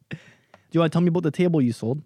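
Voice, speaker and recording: A young man co-hosting a casual comedy podcast, telling a story in an animated way and laughing often. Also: on the high side, fast, slightly rough, no echo, studio quality. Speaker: podcast co-host.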